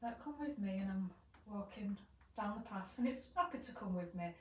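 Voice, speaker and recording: A woman co-hosting a podcast, telling stories in an animated, sweary way. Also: mid-range voice, moderate pace. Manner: animated storytelling, swearing, laughing through. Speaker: podcast co-host. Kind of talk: casual chat, storytelling. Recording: roomy, distant mic, faint background hum.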